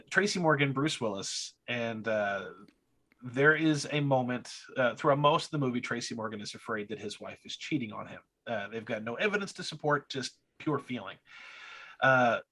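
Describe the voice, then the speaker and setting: Husky, bright-voiced male podcast co-host. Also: medium pitch. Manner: storytelling, hesitant with many restarts. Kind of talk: casual chat.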